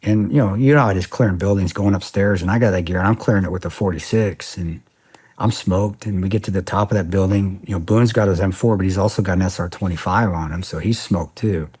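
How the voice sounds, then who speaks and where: A husky, somewhat low-pitched man talks casually as a podcast guest. He tells his story in an animated, profane way and keeps tossing in "man.". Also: fast talker. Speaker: podcast guest, former soldier.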